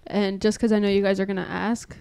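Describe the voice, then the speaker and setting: A woman's voice: mid-range voice, level tone, quick pace, vocal fry, dark tone, smooth. A woman co-hosting a podcast, laughing, swearing and reading out prompts in casual chat. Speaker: podcast co-host.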